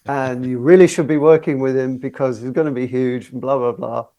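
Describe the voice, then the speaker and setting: A man's voice: medium pitch, fairly even intonation, normal speed, warm tone. Chatty older man telling anecdotes. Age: 60s. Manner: chatty, often laughing while telling anecdotes. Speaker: guest singer. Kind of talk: relaxed storytelling interview.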